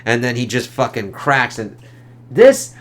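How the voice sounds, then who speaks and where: A young man reviewing a comic in a casual, rambling way, excitable and swearing freely. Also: medium pitch, moderate pace. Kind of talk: casual review reading panels aloud.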